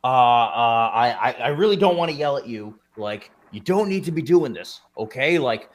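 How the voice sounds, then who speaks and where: A man's voice: medium pitch, expressive, moderate pace, natural voice. An improv performer playing a father who stammers and scolds his son in exasperation. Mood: exasperated. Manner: hesitant, exasperated. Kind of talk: live improv comedy.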